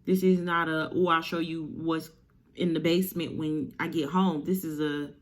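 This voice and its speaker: A woman's voice: deep voice, little pitch movement, moderate pace, natural voice. A woman voicing a protective mother who protests emphatically. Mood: insistent. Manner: emphatic, insistent.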